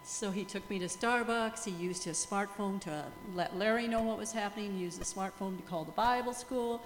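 A woman's voice: medium pitch, normal speed. An older woman speaking as a missionary to a church gathering, telling stories with laughter and frequent praise. Her voice carries through a roomy hall with a long reverb. A faint hum sits underneath. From USA or Canada. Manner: animated, laughing storyteller, praising God often. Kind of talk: testimony talk to a church group.

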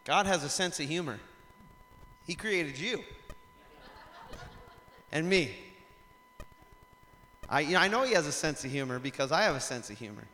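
A man preaching a sermon in a lively storytelling way, rising to loud emphatic passages. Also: a little high, moderate pace, long pauses, a little hiss or hum. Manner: animated storytelling, acts out shouts and laughs. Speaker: pastor. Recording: long hall reverb.

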